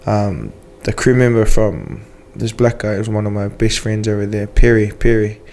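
A man, a podcast guest recounting events in a relaxed, agreeable way. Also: fairly low pitch, moderate pace, slight background noise. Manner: relaxed, agreeable, says "bro" often. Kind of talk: casual chat.

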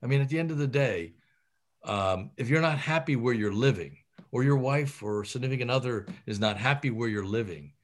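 A man's voice: mid-range voice, expressive, fairly quick. A middle-aged man, a surgeon, gives career advice in an interview, talking animatedly with many fillers and restarts.

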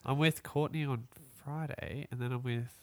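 A man's voice: medium pitch, normal speed, no room sound. Rambling young man, dry close mic. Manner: relaxed, rambling, frequent fillers and restarts. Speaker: podcast co-host. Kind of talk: casual chat.

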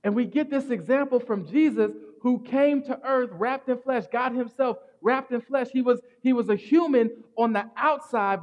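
High-voiced animated pastor preaching. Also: male voice, dull audio. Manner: animated storytelling, swinging from loud to hushed. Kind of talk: sermon.

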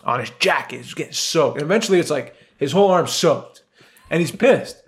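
A young man co-hosting a podcast, telling a story in a casual, animated way and laughing often. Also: fairly high pitch, brisk, slightly rough. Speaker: podcast co-host. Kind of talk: casual chat.

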